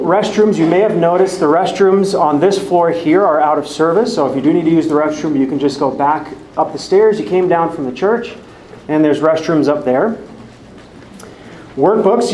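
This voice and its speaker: A man's voice: fairly high pitch, darkish tone, a little hiss or hum. A man who teaches a Bible study, giving friendly, organized announcements to a live group in a church hall. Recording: echoey church hall, faint ambience.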